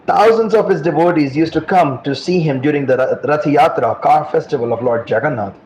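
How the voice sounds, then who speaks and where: Man, devotional class speaker, animated storytelling, fairly high voice, echoey room, faint noise.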